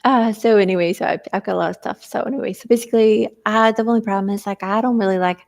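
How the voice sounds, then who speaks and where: A woman's voice: mid-range voice, steady tone, quick pace, creaky, a little mellow. A woman vlogging in a rambling, hesitant way, full of fillers, venting about family troubles. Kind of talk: rambling personal vlog.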